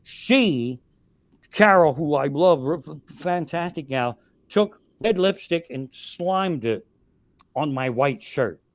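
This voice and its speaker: A man in his sixties spins profane comic stories on a live podcast, getting loud on the punchlines. His voice sits a bit high, and the recording is close and dry. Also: expressive, slow, no room sound. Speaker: comedian guest telling stories. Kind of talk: casual storytelling on a live podcast.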